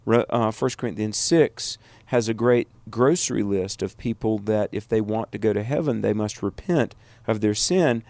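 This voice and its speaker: A man's voice: fairly low pitch, normal speed, vocal fry, darkish tone, no echo. Firm-spoken male radio co-host, dry sound. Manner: firm, declarative, interjects agreement. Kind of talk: radio talk show.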